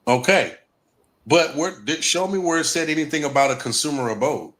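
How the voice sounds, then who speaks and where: Male host, bright higher-pitched voice, emphatic, repeats points for viewers. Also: expressive, fairly quick. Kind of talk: casual live-stream talk.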